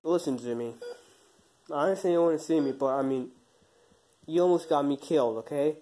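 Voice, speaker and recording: A young man playing a bitter, hot-tempered man who was shot and now lies in hospital, yelling accusations in an amateur phone-call drama. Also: a little high, brisk, slight background noise, natural voice. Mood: furious. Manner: angry, shouting, accusing.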